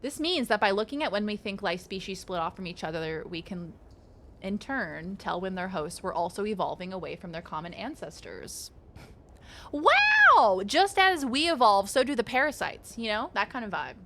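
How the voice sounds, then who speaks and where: A woman's voice: medium pitch, expressive, fairly quick, fairly bright tone, slight background noise. A woman streaming a card game, chatting playfully with her viewers, swearing and reading card text aloud as she plays. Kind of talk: casual live-stream chatter while playing.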